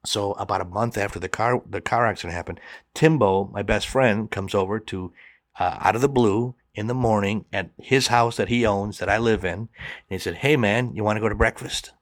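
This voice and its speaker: A man's voice: lowish voice, normal speed, dry recording. A middle-aged man telling a personal story to a listener, acting out the voices of the people in it. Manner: animated, acts out the quoted voices.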